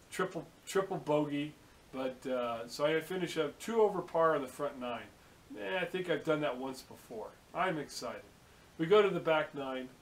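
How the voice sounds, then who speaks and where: A man's voice: on the high side, low-quality recording. A man from the San Francisco Bay Area, talking casually inside a vehicle, rambling, cursing and telling stories with quoted dialogue. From San Francisco Bay Area, USA. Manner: chatty, swearing, storytelling with quoted dialogue. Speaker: vlogger.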